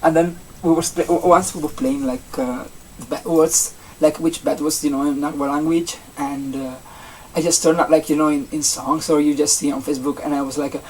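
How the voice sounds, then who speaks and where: A young adult vlogger from Italy with an Italian accent, a native Italian speaker chatting casually in English, rambling and halting with many restarts and fillers. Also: medium pitch, steady tone. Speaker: vlogger, seasonal campsite entertainment worker. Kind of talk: casual vlog chat. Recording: distant mic with faint background noise.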